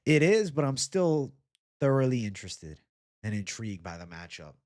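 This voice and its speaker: A man's voice: mid-range voice, big pitch swings, normal speed, darkish tone. A man hosting a casual livestream, reading chat comments aloud and joking in a laid-back way with casual swearing. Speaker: livestream host.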